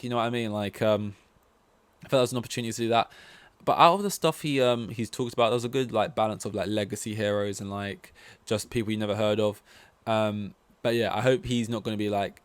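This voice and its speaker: A man's voice: lowish voice, steady tone, a little fast, smooth, no echo. A man hosting a solo podcast, rambling casually through opinions with lots of fillers and swearing. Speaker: podcast host.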